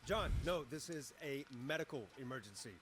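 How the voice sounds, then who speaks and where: A man voicing a calm late-night male radio DJ in a video game, with a steady broadcast delivery. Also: mid-range voice, a little fast, natural voice. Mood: urgent. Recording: game audio with clear hiss.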